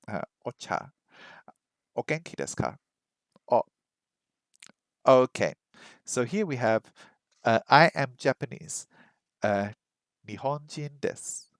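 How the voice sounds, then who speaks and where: A man's voice: medium pitch, dry recording. Chatty British man, dry close sound. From Britain. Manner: chatty, self-deprecating, full of ums and uhs. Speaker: language learning vlogger. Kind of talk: casual language-learning stream.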